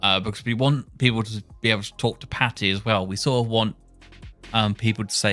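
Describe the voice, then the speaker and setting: Man, lowish voice, rambling self-correcting tech vlogger, faint music underneath. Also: steady tone, a little fast, bright, forceful tone. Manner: muttering, self-correcting, chuckles at himself. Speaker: programmer testing speech software. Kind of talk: casual thinking-aloud coding session.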